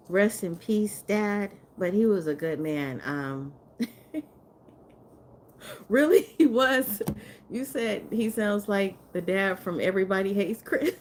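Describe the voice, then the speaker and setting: A woman's voice: mid-range voice, darkish tone, a little hiss or hum. A woman chatting casually on a livestream, rambling and laughing often as she talks to her viewers. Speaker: live streamer.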